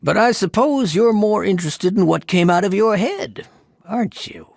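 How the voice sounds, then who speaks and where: A man voicing a wry, teasing ferry captain in a video game who pitches trips with salesman's patter and barks orders in battle. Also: animated, moderate pace, gravelly, no room sound, exaggerated voice. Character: gruff male ferryman, wry salesman and fighter. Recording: dry close studio recording.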